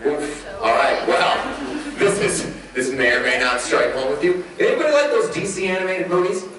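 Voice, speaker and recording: A man in his thirties telling comedic stories on a convention panel, animated and laughing often, swearing freely. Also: on the high side, normal speed, a loud crowd. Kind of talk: casual comedic storytelling. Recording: echoey room from far off.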